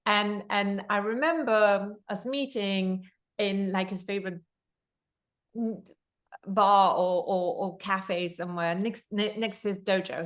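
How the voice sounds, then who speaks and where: A woman born in Germany, a poker author being interviewed, telling a story in a chatty, digressive way. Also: medium pitch. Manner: chatty, digressive, laughs while talking.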